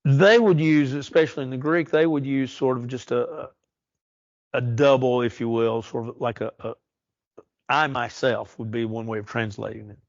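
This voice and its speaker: A man teaching a church Bible study, earnest and slow on the verses he stresses. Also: medium pitch, steady tone, dry recording, muffled recording. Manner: earnest, reads verses slowly and emphatically.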